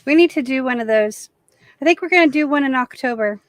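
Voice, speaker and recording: A woman's voice: sits high, fast, no echo. A woman hosting an art livestream, chatting casually as she paints, rambling and correcting herself as she goes. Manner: rambling, self-correcting, easygoing. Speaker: artist hosting a live stream. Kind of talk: casual chat while painting.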